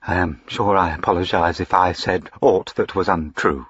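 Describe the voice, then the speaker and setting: A man reading aloud, voicing a pompous, hot-tempered country squire who blusters loudly and shrilly. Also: low-pitched, steady tone, normal speed, breathy edge, highs cut off. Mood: mumbling.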